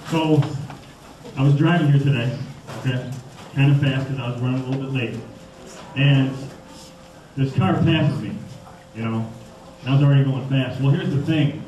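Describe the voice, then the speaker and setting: A young man from Michigan giving an animated storytelling talk to schoolchildren in a school hall. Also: mid-range voice, normal speed, long pauses, dull audio, a little hiss or hum. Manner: animated, acts out voices. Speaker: motivational speaker. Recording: echoey hall from far off.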